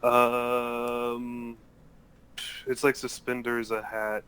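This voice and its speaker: A man playing a tabletop game over an online call, formal in character and relaxed out of it. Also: mid-range voice, extremely slow, smooth, poor audio. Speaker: player. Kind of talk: casual tabletop role-play.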